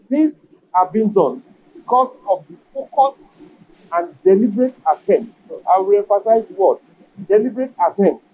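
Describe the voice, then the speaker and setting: A man with a notably high voice sets out his case in a measured, emphatic way, leaning on repeated phrases. The broadcast audio sounds muffled and lo-fi, with a faint hiss underneath. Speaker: business association leader. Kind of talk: policy interview answer.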